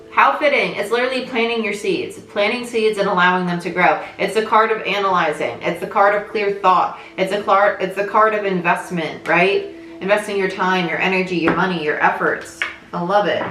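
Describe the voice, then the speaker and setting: A woman's voice: medium pitch, fairly bright tone. A young adult woman giving a casual tarot reading, thinking aloud and often checking in with her listeners. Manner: chatty, thinks aloud, frequent "right?" check-ins. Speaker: tarot reader. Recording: echoey room with faint music.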